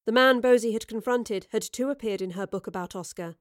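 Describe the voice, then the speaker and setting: A woman reading a scripted story aloud in a measured, expressive storytelling manner. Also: a little high, dry recording, studio quality. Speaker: narrator. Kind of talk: scripted narration.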